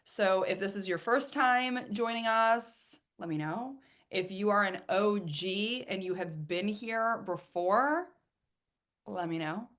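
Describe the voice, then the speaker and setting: A woman's voice: mid-range voice, slow, fairly bright tone. A woman from Ohio hosting a live webinar, talking in an enthusiastic, chatty way and often repeating herself. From Ohio, USA. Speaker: webinar host and coach.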